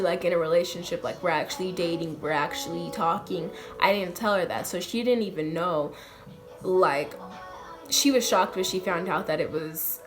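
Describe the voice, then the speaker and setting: A young woman from Colorado telling a personal story to her camera in a casual, chatty way, full of "like" and "um" and acting out what others said. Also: fairly low pitch. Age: young adult. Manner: chatty, lots of "like" and "um", acts out quoted voices. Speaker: vlogger.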